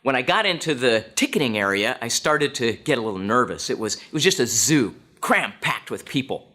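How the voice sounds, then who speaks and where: Animated man giving a talk. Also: medium pitch, brisk. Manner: animated, direct questions to listeners. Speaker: speaker. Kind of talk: storytelling talk to an audience.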